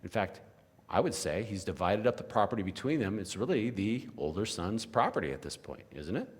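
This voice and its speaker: Guy teaching a casual bible lesson, low voice that swings up and down a lot, lots of "you know"s. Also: very animated, fairly quick. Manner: casual, frequent "you know" and "right?" asides. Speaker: church teacher. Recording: long reverb of a large hall.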